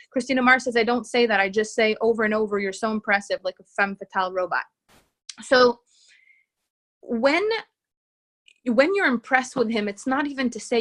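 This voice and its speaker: Woman coach, bright-ish higher voice, earnest and emphatic, leans on repetition. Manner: earnest and emphatic, repeats key phrases. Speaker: relationship coach. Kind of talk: live coaching session, reading out viewer comments.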